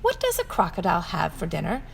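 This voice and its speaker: A woman's voice: fairly low pitch, huge pitch swings, fast, gravelly, in a large hall, a little hiss or hum, heavily acted. A woman voicing a small, curious young female elephant in a storybook reading, eager and full of questions.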